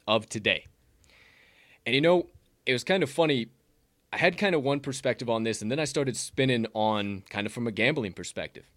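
A man hosts a sports betting podcast in loose, energetic banter. He swears freely and wanders off on tangents. The recording is dry and close. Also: medium pitch, no room sound. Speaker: podcast host. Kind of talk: casual sports betting chat.

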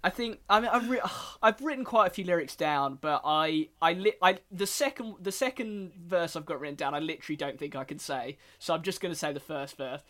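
A young man, co-hosting a podcast in casual chat, halting with many ums and restarts and a wry tone. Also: fairly high pitch, pushed and bright. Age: young adult. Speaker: podcast co-host.

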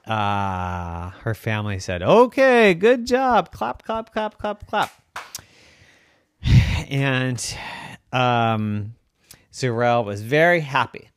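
A parent spins an improvised bedtime story, voice bouncing up and down with playful energy and sometimes sinking to a near hush. The sound is dry and close to the mic. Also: medium pitch, clear, resonant tone, dry recording. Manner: lively, playful, drops to a hush.

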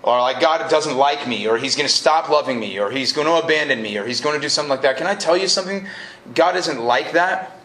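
A man preaching a lively, casual sermon to a college group, joking and then rising to emphatic peaks. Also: a little high, fast talker. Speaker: pastor. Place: college event hall. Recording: live room echo, faint noise.

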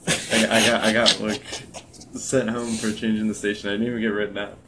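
A man's voice: on the low side, flat delivery, a little fast, heavy background noise. A man co-hosting a podcast, telling a work story in a laid-back casual chat with lots of fillers. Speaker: podcast co-host.

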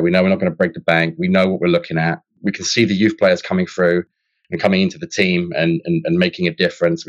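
A man with a very deep voice talks as a podcast guest, earnest and loose, doubling up words as he gathers his thoughts. His audio is muffled and lo-fi, and his voice sits dry and close with no room sound. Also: dry recording. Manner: earnest, repeats words while thinking. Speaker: podcast guest, football fan. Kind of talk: casual chat.

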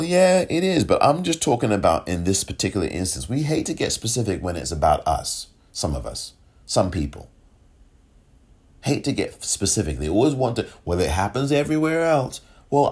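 Podcast host, male, deep husky voice, impassioned solo commentary, repeats lines for emphasis. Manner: impassioned, rising to near-shouted questions; rhetorical, repeats phrases for emphasis.

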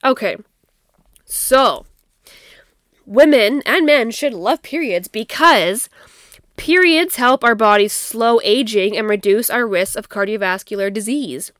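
A young woman hosts a casual, candid podcast chat, tired and yawning, laughing and swearing freely as she sips wine. Her voice is a little high and a bit bright, expressive, and unhurried. The recording is studio quality with no echo.

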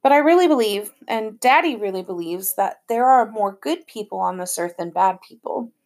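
A woman reading the lines of a gentle, caring mother of a young boy in an audiobook, with a soothing, reassuring manner. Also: mid-range voice, expressive, moderate pace, lightly acted.

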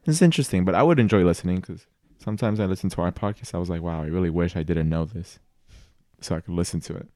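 Man co-hosting a podcast, relaxed chat, low voice, dry close sound. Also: fast talker, dry recording. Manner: relaxed and easygoing, laughs along with the group. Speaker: podcast co-host. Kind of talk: casual group chat.

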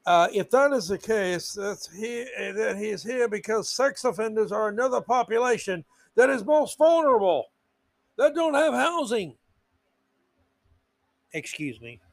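High-voiced ranting male podcast host. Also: expressive, unhurried, dry recording. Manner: indignant ranting with emphatic repetition. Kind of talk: political commentary monologue.

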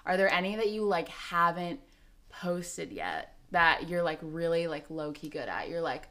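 A woman's voice: on the low side, a little slow, fairly bright tone. A woman hosting a casual interview, enthusiastic and full of fillers. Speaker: host.

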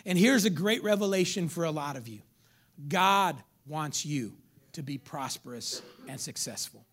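Preaching as pastor, a middle-aged man speaks in a fairly high, expressive voice at a normal pace. He moves from booming calls to his congregation down to near whispers and drops in casual street slang.

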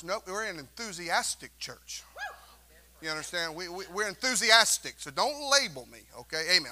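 Male pastor, high bright voice, emphatic call-and-response sermon in a church. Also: expressive, normal speed. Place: church sanctuary.

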